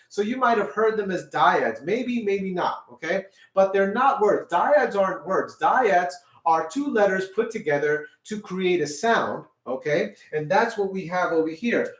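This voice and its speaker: A man with a high voice leads a children's music lesson, encouraging them and asking "okay?" at every step. The mic is a bit distant in an echoey room, and a piano can be heard now and then.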